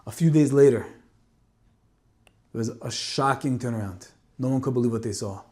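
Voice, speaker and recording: A man's voice: mid-range voice, normal speed. Man telling a story in a sermon. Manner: dramatic, swinging between loud emphasis and hushed tones. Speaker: speaker giving a Torah talk.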